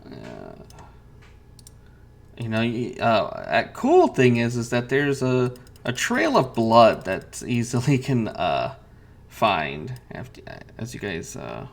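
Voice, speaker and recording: Man, game master, slow and hesitant, gravelly, lively pitch. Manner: hesitant, many fillers and restarts. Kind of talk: narrating a tabletop game.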